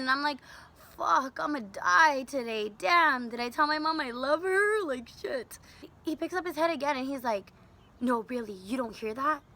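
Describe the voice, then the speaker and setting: A young woman telling a rideshare story in a casual vlog, animated and profane, acting out her own and her passenger's lines. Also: fairly high pitch.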